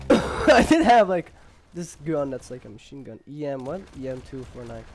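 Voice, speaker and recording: A young man casually commenting on his gameplay, rambling with lots of fillers and jokes, and sometimes yelling when excited. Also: medium pitch, brisk. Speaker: gamer.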